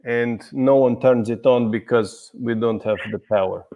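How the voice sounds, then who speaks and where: Gloomy deadpan Russian man with a hammy fake accent, a man doing the voice as a joke. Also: mid-range voice, measured pace, lo-fi sound, close to an everyday voice. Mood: mock gloom.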